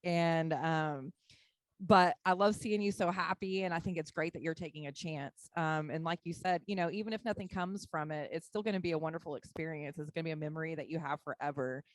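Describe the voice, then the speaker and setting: A woman's voice: deep voice, a little fast, no room sound. A woman hosting an interview on a video call, encouraging and casual. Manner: friendly, encouraging, uses fillers. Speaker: host.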